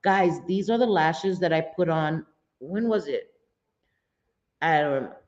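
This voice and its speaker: A woman's voice: low-pitched, expressive, unhurried, a little mellow. A middle-aged woman hosting a casual live stream, talking in a rambling, blunt, profane way. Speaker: livestream host. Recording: dull lo-fi stream audio.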